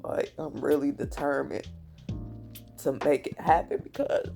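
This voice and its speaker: Hoarse, gravelly woman speaking wearily. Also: low voice, steady tone, measured pace, mellow. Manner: weary and candid. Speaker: small business owner and vlogger. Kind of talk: heartfelt talk to camera. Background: music.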